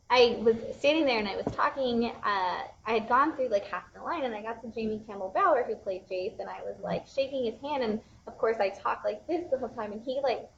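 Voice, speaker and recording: Young woman rambling on a bookshop livestream, lots of ums, kinda muffled with faint hum. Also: mid-range voice. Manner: chatty, bubbly, rambling with many fillers. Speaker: bookstore young adult specialist, livestream host. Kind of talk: casual livestream chat.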